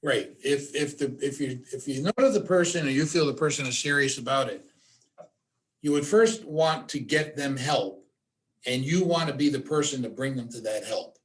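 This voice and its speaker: A man leads a training workshop in a plain, mid-pitched voice. He talks in a direct, emphatic way and repeats his key points. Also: moderate pace. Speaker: suicide awareness trainer. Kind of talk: workshop presentation.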